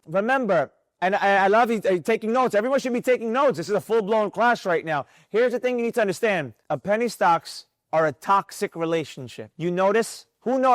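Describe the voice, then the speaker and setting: High voiced guy teaching a trading class, hypes it up, keeps quizzing the students, dry sound. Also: no room sound. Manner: energetic, fires rhetorical questions at students. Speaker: trading instructor. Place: room with students present.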